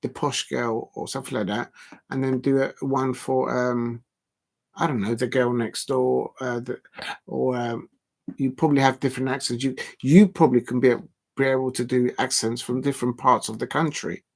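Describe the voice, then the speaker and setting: A man's voice: medium pitch, steady tone, moderate pace, gravelly, a little mellow. A man, hosting a casual live stream, talking in a rambling, blunt way with many ums and restarts. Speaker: livestream host.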